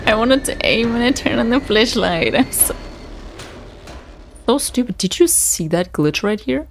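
A woman's voice: fairly high pitch, expressive, measured pace. A young woman commenting on her own play of a horror game, swearing often and mocking her own mistakes. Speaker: let's play streamer. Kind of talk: gaming commentary. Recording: faint game music behind.

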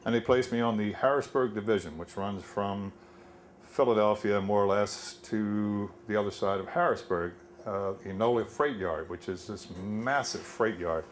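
A man's voice: fairly low pitch, normal speed, slight background noise. An older man telling a wry personal story live on stage, conversational with many fillers.

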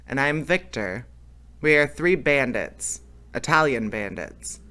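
A man's voice: mid-range voice, expressive, unhurried, bright, forceful tone. A man voicing a proud, polite, theatrical male bandit leader who speaks in a courtly, grand way.

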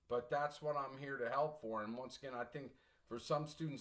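A man's voice: on the high side, fairly bright tone. A middle-aged man teaching a college English class, blunt and rambling, repeating himself and drifting into stories. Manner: rambling, repetitive, blunt, digresses into anecdotes. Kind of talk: recorded lecture to class.

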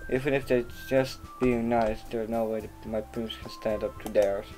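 A man's voice: fairly low pitch, fairly even intonation, moderate pace, a little mellow, soft background music, close to an everyday voice. A man reading a nervous, self-doubting teenage boy's narration aloud in a plain, subdued voice. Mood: uneasy.

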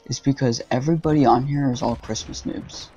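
Young male gaming host, dark gravelly tone, annoyed running commentary full of swearing over gunfire. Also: mid-range voice, fairly even intonation, a little fast, lo-fi sound. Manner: frustrated, swearing, ranting at teammates. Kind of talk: casual gameplay commentary. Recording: game music and gunfire behind.

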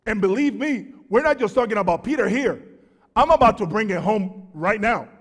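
This sermon comes from an animated pastor whose voice is high for a man. He moves from quick, quiet asides to shouting, repeating and tripping over words as intensity builds, and a large church hall adds long, trailing reverb.

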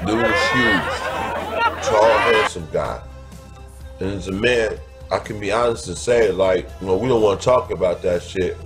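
A man's voice: lowish voice, unhurried, over loud music, a loud crowd. A man telling a crude personal story, blunt and profane, stretching out words for emphasis.

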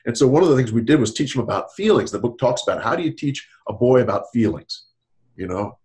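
In a casual podcast discussion, a middle-aged man talks in a counseling style, fast and at medium pitch. He's animated and laughs often, acting out quotes in a raised voice.

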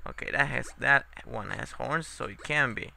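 A man's voice: mid-range voice, moderate pace, vocal fry, bright, forceful tone. Frustrated, foul-mouthed young gamer man. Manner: swearing, frustrated and sarcastic. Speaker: let's play gamer. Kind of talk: casual game commentary.

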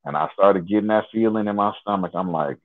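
A man from Nebraska, a guest in an interview, telling a personal story in an unhurried, detailed, conversational way. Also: fairly low pitch. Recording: tinny phone line.

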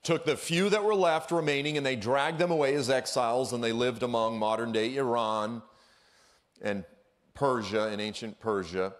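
A man giving an energetic, conversational sermon as a guest speaker in a church, with casual slang and frequent asides. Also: mid-range voice, moderate pace.

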